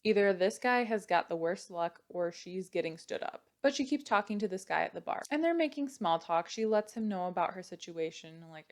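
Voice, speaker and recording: A woman's voice: fairly low pitch, expressive, a little fast, hardly any pauses. A young woman casually retelling a true crime story, chatty and full of "like" and "you know".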